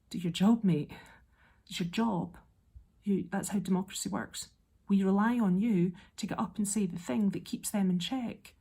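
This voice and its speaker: A woman ranting in an exasperated way in a casual monologue, a little unwell and low on energy. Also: dark tone, slightly rough. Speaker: vlogger.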